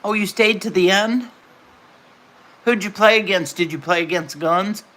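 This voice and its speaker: A woman's voice: mid-range voice, moderate pace, fairly bright tone. An older woman hosting a casual livestream from home, chatting and answering her viewers' comments by name. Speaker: livestream host.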